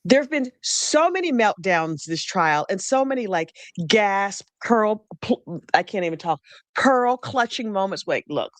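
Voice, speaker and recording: A woman's voice: mid-range voice, big pitch swings, unhurried, no echo. A woman co-hosting a true crime chat, talking in a sassy, gossipy way with theatrical asides. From New Jersey. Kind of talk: casual chat.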